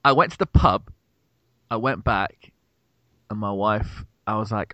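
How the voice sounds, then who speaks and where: A young man co-hosting a podcast, telling an animated, swearing story in casual chat. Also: on the low side, unhurried, long pauses, no room sound, lo-fi sound. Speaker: podcast co-host.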